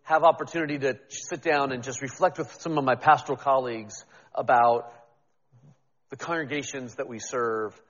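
A man's voice: medium pitch, a bit bright, big-room sound, dull audio. A man preaching a sermon as pastor, talking in a conversational, self-deprecating way with frequent restarts.

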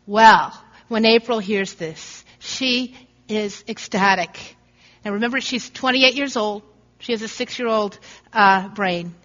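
A woman's voice: mid-range voice, slow, fairly bright tone. A woman preacher giving a sermon in an earnest storytelling way, acting out the voices in her stories. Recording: dull recording in a reverberant hall.

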